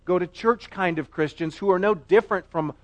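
A man's voice: sits high, fairly quick. A middle-aged man preaching a sermon as pastor, earnest and emphatic, often repeating himself for weight.

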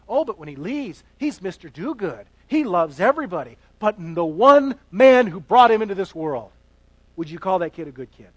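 A man with a notably high voice preaches from the pulpit, dropping to near-whispered asides and then surging into loud, emphatic passages. He repeats and restarts phrases as he drives each point home. The recording is dry and close, with no room sound. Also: big pitch swings, moderate pace, no room sound, low-quality recording. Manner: dynamic, swings between hushed asides and loud emphatic passages; repeats words and restarts while building a point. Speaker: pastor. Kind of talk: sermon.

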